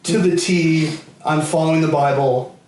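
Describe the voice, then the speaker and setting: A comedian and podcast host rambles through family stories, swearing freely and restarting his sentences. His voice sits a bit high for a man. The audio is roomy and distant, picked up by a camera across the room. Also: fairly even intonation, normal speed, darkish tone. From United States, Connecticut. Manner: loose, profane, rambling with restarts. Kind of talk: casual comedic storytelling.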